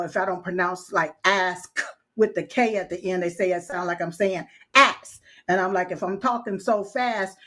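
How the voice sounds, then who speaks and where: Lady hosting a live show, kinda high voice, chatty, laughs at herself a lot. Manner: chatty and playful, heavy fillers, laughs at herself. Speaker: show host. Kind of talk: casual live-stream chat.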